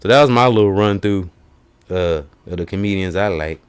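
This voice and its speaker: Deep-voiced man retelling comedy bits. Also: moderate pace, clear, resonant tone. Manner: retells comedy bits, jumping into high put-on voices for quotes. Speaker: host. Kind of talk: casual chat.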